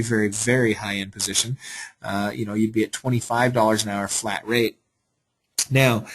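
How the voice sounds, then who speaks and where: A man's voice: medium pitch, fairly bright tone, husky, low-quality recording. A man hosting a live webinar Q&A, upbeat and salesy, reading out viewer questions and answering them. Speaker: webinar host.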